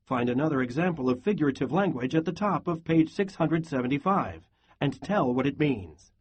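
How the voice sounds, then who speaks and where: A man reading a novel aloud in a steady, even voice for a class lesson. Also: on the high side, moderate pace, a little hiss or hum. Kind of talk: read-aloud lesson narration.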